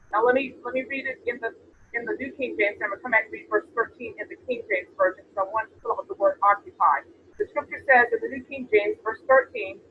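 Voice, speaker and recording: Woman preacher on a tinny line. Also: high-pitched. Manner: reads scripture aloud, asks the congregation questions. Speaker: apostle preaching. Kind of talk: sermon with scripture reading. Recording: tinny phone-like sound with faint noise.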